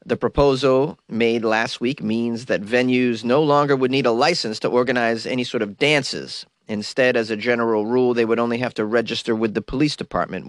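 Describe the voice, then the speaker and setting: A man's voice: medium pitch, dry recording, clean studio sound. A man with a cold reading news items aloud and mocking them in wry comic commentary. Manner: wry, mocking asides between read-outs. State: has a cold. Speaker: host.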